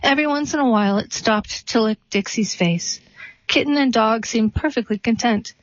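A woman reading a short story and a poem aloud in a steady, unhurried way. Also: a little high, no echo. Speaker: reader. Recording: dull, slightly lo-fi dry recording.

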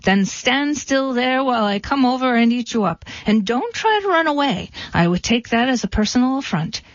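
A woman voicing a hairy, blustering male troll in a storybook reading, slow and gruff. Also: a little high, animated, dry recording, close to an everyday voice. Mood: menacing. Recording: dull, dry recording.

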